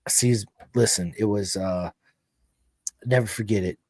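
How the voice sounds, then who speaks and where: American guy telling stories on his podcast, loud, excitable, cusses, real dry sound. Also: lowish voice, normal speed, slightly rough, no room sound. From United States. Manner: loud, animated storyteller who swears freely. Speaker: podcast host. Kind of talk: casual storytelling chat.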